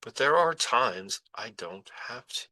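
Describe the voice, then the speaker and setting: A man hosting a podcast, telling a personal story slowly and deliberately, with dramatic pauses and repetition. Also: mid-range voice, lively intonation, pushed and bright, dry recording, poor audio. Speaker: podcast host. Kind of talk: reflective storytelling monologue.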